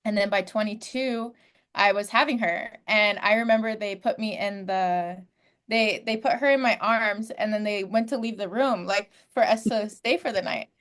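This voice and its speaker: A woman's voice: medium pitch, moderate pace, a bit bright. A woman, a podcast guest in her twenties, telling her life story in a candid, heartfelt way with frequent fillers. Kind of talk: personal storytelling.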